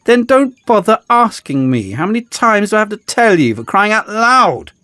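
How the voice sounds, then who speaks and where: A man's voice: big pitch swings, normal speed, dry recording, studio quality. A man voicing a pompous, theatrical male villain who declaims and snaps with sarcasm. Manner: declaiming, shrill and exasperated.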